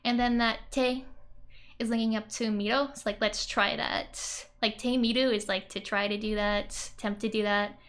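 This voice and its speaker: Woman, casual language lesson, chatty, giggly, lots of fillers, slightly high voice. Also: little pitch movement, moderate pace. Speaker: Japanese language teacher.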